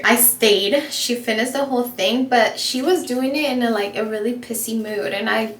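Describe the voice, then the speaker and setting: A young woman vlogging while she does her makeup, telling a story in a chatty, animated way full of fillers. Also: fairly high pitch, moderate pace, hardly any pauses. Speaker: beauty vlogger. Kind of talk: casual get-ready-with-me storytelling. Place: home room while doing makeup. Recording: echoey room with faint ambient noise.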